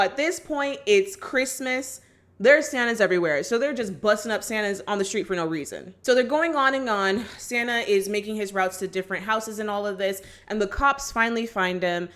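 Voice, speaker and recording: A woman's voice: on the high side, fairly bright tone. A woman vlogger chatting casually through a movie recap, with lots of "like" and "just like". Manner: chatty, full of "like" and "just like", acts out quotes.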